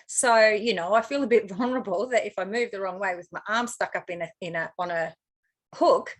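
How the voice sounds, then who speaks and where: A woman's voice: medium pitch, brisk. A woman with an Australian accent, telling a personal story as an interview guest in a frank, chatty way, full of fillers.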